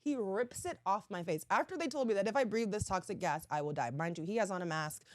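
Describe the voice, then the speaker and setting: A woman in her thirties, a podcast guest telling stories in casual, lively chat with frequent laughs. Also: mid-range voice, fast, no room sound, clean studio sound. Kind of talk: casual chat, animated storytelling.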